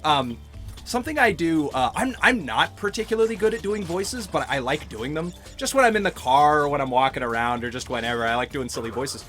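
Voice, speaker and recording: A man co-hosting a gaming podcast, talking in a rambling, animated way and laughing often. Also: on the high side, fairly quick, faint music behind. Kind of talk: casual chat while playing a game.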